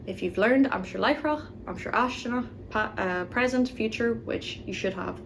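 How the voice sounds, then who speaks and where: A woman teaching grammar, explaining rules and slowly saying each example word twice for the listener to repeat. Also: fairly high pitch, gravelly, a little hiss or hum, rough recording. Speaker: Irish language teacher. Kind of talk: explaining grammar and modeling pronunciation.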